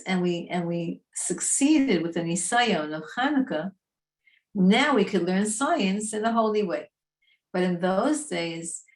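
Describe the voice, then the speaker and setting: A woman teaching a Torah class in a lively, chatty, emphatic way. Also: mid-range voice.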